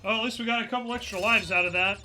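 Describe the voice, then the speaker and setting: A man streaming a game with casual commentary, swearing when frustrated, then talking softly and fondly to his dog. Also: high-pitched, fairly even intonation, very fast, soft background music.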